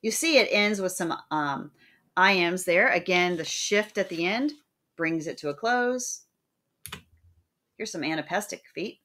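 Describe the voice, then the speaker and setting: Woman, lecturer: clear, explanatory teaching read with a sing-song rhythm on the verse examples. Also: lowish voice, lively intonation, unhurried, pushed and bright. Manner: plain explanatory delivery. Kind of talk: recorded lecture.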